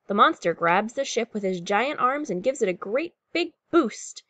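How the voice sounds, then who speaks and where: Expressive woman teacher reading aloud. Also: a little high, moderate pace, dry recording. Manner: warm, clear classroom explaining. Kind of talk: reading a picture book aloud and explaining to pupils.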